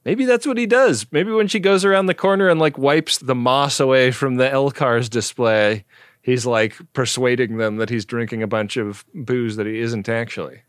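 A man in a relaxed podcast chat, walking through a story in a loose, filler-heavy way. His voice sits at an ordinary middle pitch. The sound is dry and close, with no room around it. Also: normal speed, no room sound. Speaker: podcast co-host. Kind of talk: casual episode recap chat.

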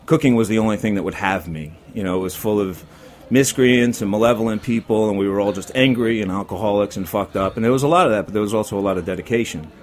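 A man's voice: lowish voice, fast talker. A man in his forties with a New York accent, a chef guest telling blunt, profane stories in a casual studio chat. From Brooklyn, New York.

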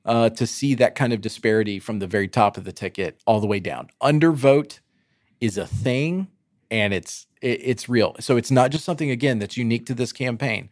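A man co-hosting a casual roundtable podcast, lively and teasing, with many fillers. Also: medium pitch, a little fast, no echo, studio quality. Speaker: podcast co-host.

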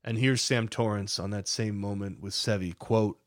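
A man's voice: fairly low pitch, steady tone, unhurried, no echo, clean studio sound. A man narrating a podcast, telling the story with emphatic, dramatic builds.

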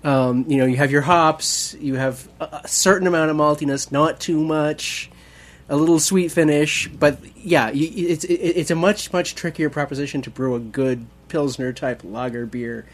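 A man chatting as a guest on a radio talk show. He speaks haltingly, often trailing off and starting his sentences again. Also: on the high side. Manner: hesitant, many fillers and restarts. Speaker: guest, homebrewing book author. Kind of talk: casual radio chat.

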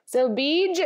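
A woman's voice: high voice, breathy edge. A woman co-hosting a podcast, telling rambling stories in a dry, wry casual chat. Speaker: podcast co-host.

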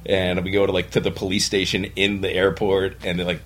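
Lively low-voiced man telling travel stories. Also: a little fast. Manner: animated storyteller, acts out quoted voices. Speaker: bar owner, podcast guest. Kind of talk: casual storytelling chat. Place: podcast studio.

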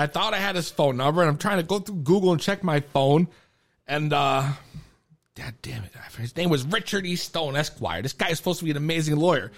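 High, excitable ranting man. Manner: agitated, ranting. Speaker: podcast co-host. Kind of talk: comedic podcast banter.

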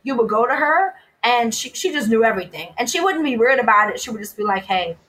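A woman from New Orleans, a podcast guest, telling stories in an animated way and mimicking other people's voices. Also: a little high, fast, rough recording. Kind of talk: casual storytelling chat.

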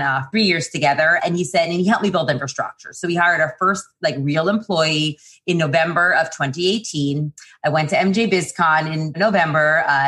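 A woman who founded a PR agency, talking casually and quickly in an interview, with lots of fillers and restarts. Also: low-pitched, fairly bright tone.

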